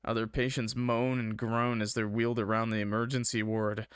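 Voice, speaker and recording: A man's voice: lowish voice, level tone, moderate pace, few pauses, clear, resonant tone, no room sound, clean studio sound. A young man streaming a visual novel, reading the story aloud with a dramatic tone and breaking off for casual jokes. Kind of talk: reading a game aloud with jokey asides.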